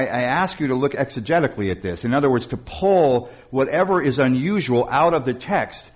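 A man preaching, building up with emphasis and then dropping into slow, quiet passages, with some restarts. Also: mid-range voice. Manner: restarts and repeated words. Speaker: pastor. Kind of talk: sermon.

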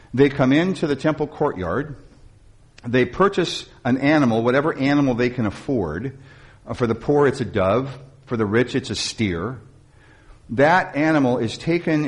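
A man preaching a sermon, retelling a story in an animated way with wry asides to the congregation. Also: mid-range voice. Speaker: pastor.

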